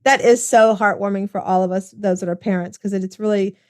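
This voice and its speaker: A woman's voice: mid-range voice, steady tone, fairly quick. A woman hosting a casual interview, encouraging and chatty. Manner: warm, encouraging, talks with like and you know. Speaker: podcast host.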